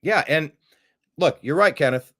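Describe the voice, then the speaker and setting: A man's voice: on the high side, lively intonation, a little slow, fairly bright tone. A man hosting a political commentary show, talking emphatically and sarcastically, often repeating words for effect. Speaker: host.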